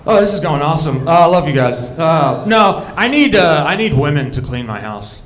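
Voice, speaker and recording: A man's voice: fairly high pitch, sing-song, moderate pace, hardly any pauses, a bit bright. A young man doing a crude, rambling stand-up set on a comedy club stage, talking to the crowd.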